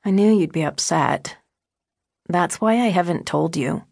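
A composed teenage girl answers steadily and flatly, as a woman narrator voices her. Her voice is low and husky, and she speaks slowly. She sounds close and dry. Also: no room sound. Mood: calm. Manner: flat and composed.

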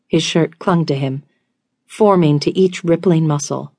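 Woman narrator, low voice, measured, dry close studio sound. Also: darkish tone, no room sound. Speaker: audiobook narrator. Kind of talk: scripted romance narration.

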